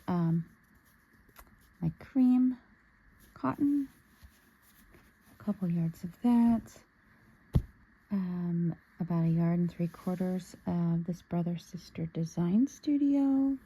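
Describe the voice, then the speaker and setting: A woman's voice: fairly low pitch, fairly even intonation, slow, dark tone, husky, low-quality recording. A woman casually showing a fabric haul, musing aloud and sometimes dropping to a near-whisper. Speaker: sewing vlogger. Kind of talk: casual show-and-tell haul.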